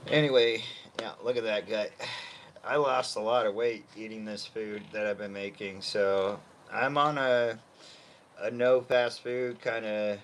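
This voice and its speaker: Man, casual livestream host, rambling, lots of ums, unhurried, lowish voice. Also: steady tone, slight background noise. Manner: rambling, thinking aloud, many fillers.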